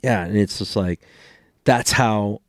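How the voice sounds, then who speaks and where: Low-voiced man hosting a podcast. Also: slow, no room sound, clean studio sound. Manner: easygoing, swears casually, tells family stories. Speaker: podcast host. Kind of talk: casual chat.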